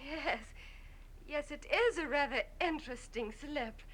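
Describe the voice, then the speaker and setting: A woman's voice: high-pitched, measured pace, fairly bright tone. A woman playing a newlywed wife in a 1960s film comedy, breezy, affectionate and coy.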